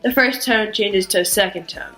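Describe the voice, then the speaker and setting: A woman giving a scripted language lesson, speaking carefully and acting out sounds with exaggerated pitch swings. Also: sharp tone, soft background music, poor audio. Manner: slow, careful, demonstrates tones with exaggerated pitch. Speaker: language teacher.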